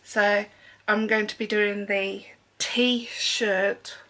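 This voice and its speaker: A young woman talks through her sewing haul in an easy, meandering way, scattering ums as she goes. Her voice is bright and clear, and she takes her time, speaking at an unhurried pace. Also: medium pitch, flat delivery. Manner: chatty and rambling with frequent ums. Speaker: sewing vlogger. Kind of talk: casual haul vlog chat.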